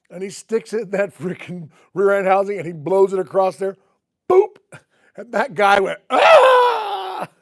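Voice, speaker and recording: A man's voice: high-pitched, a little mellow. A middle-aged man, hosting a casual garage livestream, chatting with viewers and telling stories with chuckles. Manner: folksy storytelling with chuckles.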